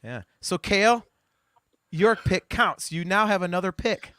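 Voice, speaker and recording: A man hosting a casual podcast chat, animated and teasing, often laughing. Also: sits high, unhurried, no room sound, studio quality. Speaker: podcast host.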